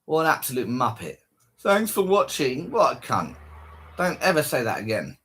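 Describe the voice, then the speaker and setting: A man in a heated, sweary, mocking comic rant with a husky voice. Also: mid-range voice, sing-song, fairly quick, fairly bright tone.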